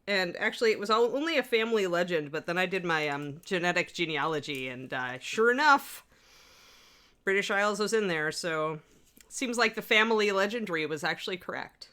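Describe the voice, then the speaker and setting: A woman's voice: fairly low pitch, lively intonation, brisk, bright, forceful tone. A woman hosting a hobby livestream in casual chat, rambling and laughing often as she reads out and answers chat messages. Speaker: livestream host.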